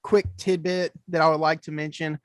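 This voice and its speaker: A podcast guest talks in a friendly, easygoing way, thanking the hosts and making a short pitch. His voice is a little high. The recording is dry and close. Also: flat delivery, normal speed, no echo. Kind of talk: casual podcast chat.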